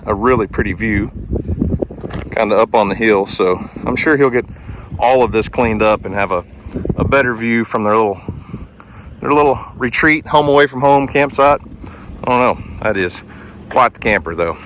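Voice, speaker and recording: A man's voice: lowish voice, normal speed, pauses often, background noise. A man vlogging outdoors as he climbs a wooded hill, out of breath and full of amazed exclamations. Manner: chatty, easily amazed, exclamations like holy moly. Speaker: homestead vlogger. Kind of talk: casual outdoor vlog, walking and talking.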